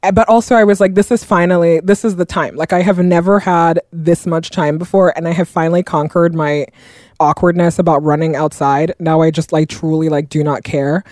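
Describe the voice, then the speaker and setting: A woman's voice: lowish voice, fairly quick, no room sound. Chatty woman, dry close sound. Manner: chatty, animated storytelling with playful voices. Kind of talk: casual chat.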